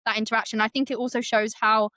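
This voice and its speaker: Lively woman chatting about a book. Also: fast, no room sound. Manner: animated, acts out quoted lines with rising pitch. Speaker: podcast co-host. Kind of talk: casual book discussion.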